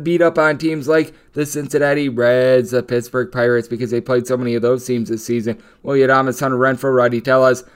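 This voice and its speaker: A man hosts a solo betting show, working through every game on the board one by one. His voice is smooth and resonant, sitting at a middle pitch. He rattles off odds, totals and player numbers in a steady stream of analysis. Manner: steady stat-packed rundown of odds and players. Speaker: sports betting podcast host.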